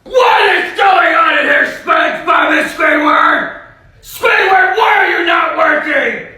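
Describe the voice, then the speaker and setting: A man's voice: very high voice, a little slow, bright, forceful tone, shouting, some chatter behind, exaggerated voice. A man doing a bellowing sea-dog boss. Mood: angry. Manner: bellowing, pirate-like talk. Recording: very echoey, distant, music behind.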